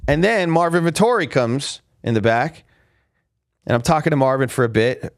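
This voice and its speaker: A man's voice: mid-range voice, a little fast, no echo. Rambling man recapping fights, dry sound. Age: adult with a father. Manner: rambling storyteller with many restarts and fillers. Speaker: podcast host. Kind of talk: casual chat.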